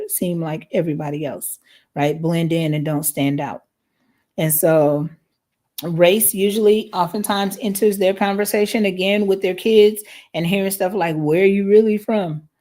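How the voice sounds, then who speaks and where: A woman's voice: fairly low pitch, warm tone. A woman hosting a live parenting podcast from the United States, talking conversationally and often checking in with "right?". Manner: conversational, frequent "right?" tag questions.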